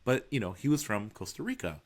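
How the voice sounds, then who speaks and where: A man's voice: fairly low pitch, a little fast. A man from Puerto Rico, a podcast co-host and friar, telling stories in a casual chat, laughing often and acting out the dialogue. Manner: animated storyteller, laughs often, acts out dialogue.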